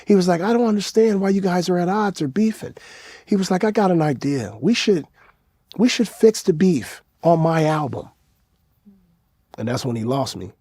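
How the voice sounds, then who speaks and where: Relaxed man, conversational anecdote, dry close recording. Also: high-pitched, moderate pace, dry recording. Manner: nonchalant, conversational. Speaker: interviewee. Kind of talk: casual anecdote.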